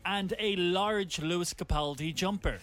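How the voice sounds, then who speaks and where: A man's voice: high voice, unhurried, a bit bright. A man hosting a radio show, announcing a giveaway in a playful, showy way. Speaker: radio host. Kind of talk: casual radio chat.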